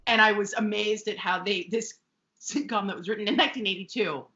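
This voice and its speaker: A woman's voice: mid-range voice, steady tone, a little fast, pushed and bright, lo-fi sound. A woman co-hosting a podcast, chatting casually and sarcastically as she recaps a sitcom, swearing freely. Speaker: podcast co-host.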